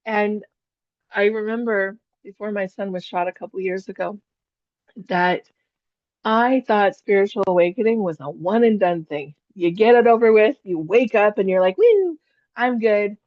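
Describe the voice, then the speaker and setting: A chatty woman who works as a psychic teaches a spiritual class, telling stories and laughing often. Her voice sits at a middle pitch. The recording is dry and a little dull, with no room sound. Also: moderate pace, no room sound.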